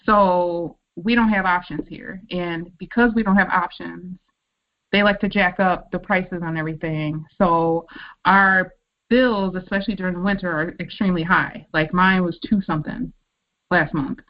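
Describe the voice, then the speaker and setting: A woman's voice: lowish voice, steady tone, highs cut off. A woman from Wisconsin co-hosting a podcast in casual chat, blunt and sassy. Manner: blunt, sassy, quick to agree. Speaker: podcast co-host.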